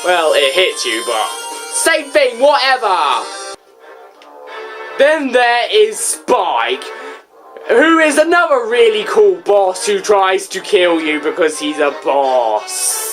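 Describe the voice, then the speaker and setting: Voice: mid-range voice, sing-song, slow pace, a bit bright. A game reviewer giving casual, goofy, rambling commentary with self-mocking asides. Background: game music.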